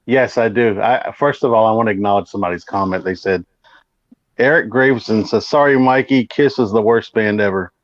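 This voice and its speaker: A man co-hosting a casual live-stream chat, blunt and defensive, quick to swear. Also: lowish voice, dry recording, muffled recording. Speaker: co-host.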